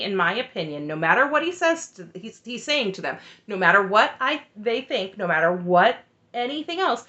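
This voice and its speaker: A woman recapping a reality show in a casual, opinionated way, with candid commentary and frequent asides. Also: medium pitch. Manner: candid and animated, talks through her frustration with frequent asides.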